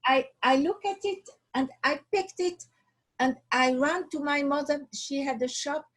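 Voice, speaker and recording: A woman from Switzerland, a watch designer, telling her story in an interview over a video call, halting and often restarting as she searches for words. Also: high-pitched, a bit bright, rough recording.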